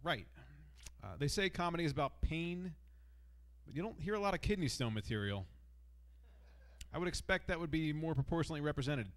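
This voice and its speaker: A man's voice: a little high, expressive, a little fast. Dry, self-mocking male stand-up comic. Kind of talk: stand-up set.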